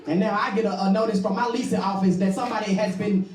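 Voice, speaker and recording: A woman doing a bawdy stand-up comedy set on stage, with loud punchlines. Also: medium pitch, steady tone, fast, few pauses, very noisy. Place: stage before a live audience. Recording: roomy, distant mic with crowd laughter. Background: audience laughing.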